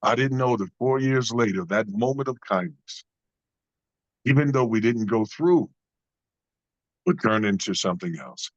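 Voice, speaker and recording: A man's voice: medium pitch, expressive, measured pace, long pauses, no echo, muffled recording. Male guest, earnest storyteller with sermon-like cadence; dead-dry close recording. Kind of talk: storytelling in a conversation.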